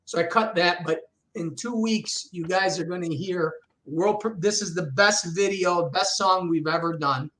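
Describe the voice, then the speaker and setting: A man's voice: high voice, normal speed, a bit bright, rough recording. A middle-aged man, a comedian guest chatting casually and animatedly, who swears and acts out voices. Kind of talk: casual chat.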